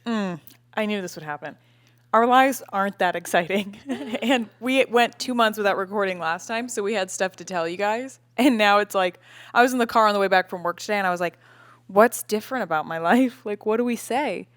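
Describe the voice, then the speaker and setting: A woman's voice: mid-range voice, brisk, a bit bright, no room sound. A woman in her late twenties co-hosting a casual podcast from home, chatty and laughing often. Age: late 20s. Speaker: podcast co-host. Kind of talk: casual chat. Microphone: podcast microphone with cover.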